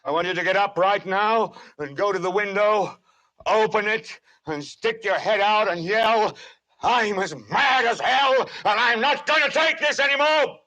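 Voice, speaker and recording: An actor playing a furious middle-aged male news anchor who rants on air and whips his words into shouted rallying cries. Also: sits high, measured pace, low-quality recording. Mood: rousing. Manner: impassioned, repeats lines into shouted rallying cries. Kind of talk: film drama monologue.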